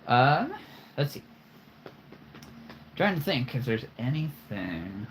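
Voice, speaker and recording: A man in his forties hosts a live stream, talking casually and playfully about his collection as he rambles along with chuckles and puns. His mid-range voice has a sing-song lilt, a fairly bright tone and a slow pace. There's a little hiss or hum in the recording.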